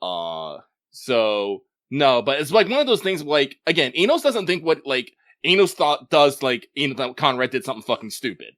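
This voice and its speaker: A man with a bright, forward voice talks in long, loose runs, swearing freely and correcting himself mid-sentence. He is a podcast co-host in casual conversation, recorded close and dry. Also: mid-range voice, big pitch swings, normal speed, dry recording.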